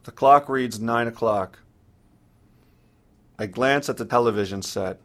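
A man narrating his own story in the first person, in a measured, sombre way. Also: medium pitch, fairly bright tone.

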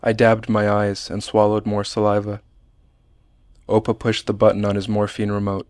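A man reading a personal memoir aloud in a measured, understated manner. His voice sits low and stays flat and even, smooth and clear, with a dry, close sound. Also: no room sound. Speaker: narrator.

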